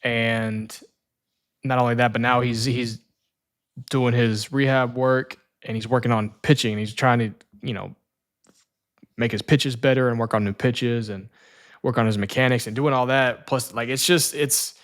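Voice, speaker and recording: A man's voice: mid-range voice, steady tone, moderate pace. Rambling man co-hosting a sports chat. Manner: rambling, restarts sentences often. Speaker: podcast co-host.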